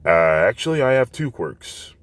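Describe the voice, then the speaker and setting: A man's voice: mid-range voice, very animated, normal speed, no room sound, voice pushed up, natural voice. A man doing a hesitant modest teen boy. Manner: hesitant, with filler words. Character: modest teenage boy hero student.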